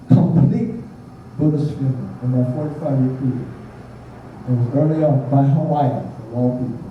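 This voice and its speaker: Speaking in a slightly high voice, an older Buddhist minister delivers a blunt and humorous sermon, telling it like a conversational story. The recording is distant and muffled, made in an echoey hall with a little background noise.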